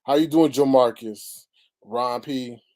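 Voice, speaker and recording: A man's voice: medium pitch, fairly even intonation, slow, darkish tone. A man hosting a casual livestream, exclaiming, sighing and greeting his chat viewers. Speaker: livestream host.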